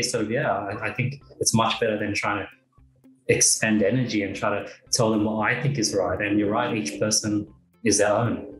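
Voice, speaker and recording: A lower-pitched man hosts a casual podcast interview, with his questions wandering through fillers. The room rings with echo, and light music sits behind him. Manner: rambling questions with many fillers. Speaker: podcast host. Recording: echoey room.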